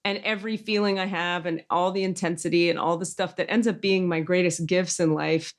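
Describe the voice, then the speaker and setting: A woman's voice: on the low side, steady tone, brisk. A woman hosting a podcast in casual chat, talking intensely and emphatically and acting out quoted voices as she tells stories. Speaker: podcast host.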